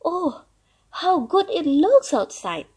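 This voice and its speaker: A woman voicing an old trapped male turtle who is sly and boastful, talking in a coaxing way that turns loudly gleeful. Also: very high voice, sing-song, takes it slowly, voice pushed up, full character voice. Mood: delighted.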